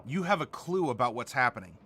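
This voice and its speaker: A man's voice: medium pitch, big pitch swings, a little fast, sharp tone, slight background noise. A man hosting a live stream, chatting casually and answering viewer comments while he builds a game character. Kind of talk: casual livestream chat.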